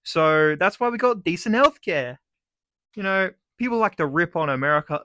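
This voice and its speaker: A man's voice: sits high, moderate pace, no echo. Sarcastic, swearing Australian man ranting. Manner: profane, sarcastic, animated ranting. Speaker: YouTuber. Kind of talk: casual ranting vlog.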